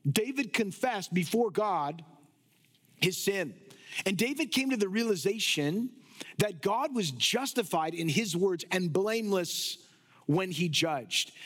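A man's voice: sits high, a bit bright. A male preacher giving an emphatic, rhetorical sermon that explains a passage of scripture. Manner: emphatic, rhetorical, sometimes laughing at absurd ideas. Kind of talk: expository sermon.

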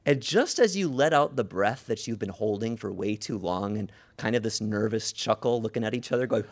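A gravelly male preacher delivering a sermon with dramatic storytelling. His pitch rises and falls widely, and he drops to a hush one moment and calls out the next. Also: expressive, brisk, few pauses. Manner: dramatic storytelling, swings from hushed to loud.

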